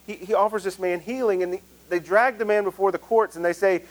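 A man's voice: sits high, fast talker, hardly any pauses, poor audio. A male pastor with a Southern US accent preaching a conversational sermon, earnest and self-deprecating.

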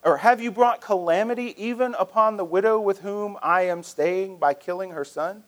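A man's voice: high voice, normal speed, pitched above the performer's own voice, natural voice. A man voicing a prophet who cries out in earnest, anguished prayer.

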